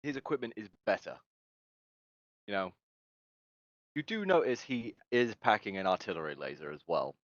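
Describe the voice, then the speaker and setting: A man's voice: on the low side, animated, moderate pace, pauses often, no room sound, muffled recording. A man narrating a tabletop game as game master, rambling and hesitant, with many fillers and laughs.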